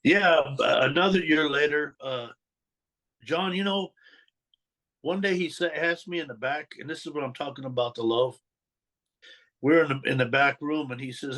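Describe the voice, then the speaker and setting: Male guest, storyteller, voice sits a bit high, animated delivery. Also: normal speed, pauses often. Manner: animated, acts out quoted dialogue. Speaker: interview guest, former mob associate. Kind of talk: storytelling in a podcast interview.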